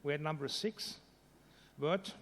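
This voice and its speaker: Man, conference presentation, halting delivery, higher pitch, long hall reverb. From Germany. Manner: halting, with many fillers and restarts. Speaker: conference speaker.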